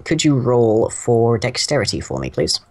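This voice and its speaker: A man's voice: mid-range voice, sing-song, moderate pace, a little mellow. A man narrating as game master of a tabletop game, hesitant, with many ums and uhs.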